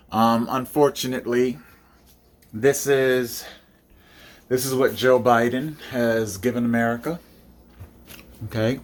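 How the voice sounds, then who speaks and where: A man's voice: mid-range voice, a bit bright. A man hosting a casual home cooking vlog, chuckling now and then and talking with his mouth full. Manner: chuckling, talking while eating. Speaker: video host.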